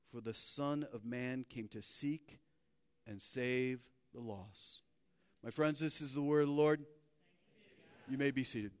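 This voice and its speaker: Animated preacher man in a reverberant church. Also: a little high. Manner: animated, playful storytelling preacher. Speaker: pastor. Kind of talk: sermon with scripture reading. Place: church sanctuary. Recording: long hall reverb.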